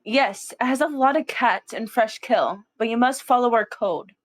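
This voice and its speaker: A woman voicing a calm, authoritative female clan leader cat in a fan-made cat movie, measured and commanding. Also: on the high side, close to an everyday voice.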